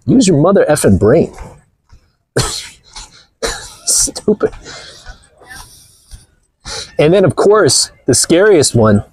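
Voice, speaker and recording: Man, husky voice, dry close sound, blunt rambling vlogger, outdoors on a phone camera. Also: a little high, a little mellow, no room sound. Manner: blunt, mocking, rambling storyteller. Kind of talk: casual walking vlog talk.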